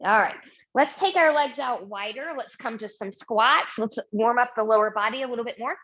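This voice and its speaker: A woman's voice: a little high, moderate pace, fairly bright tone, lo-fi sound. A woman teaching a Pilates mat class, guiding movements and saying "good" often to encourage. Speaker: Pilates instructor. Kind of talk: guided exercise class instruction.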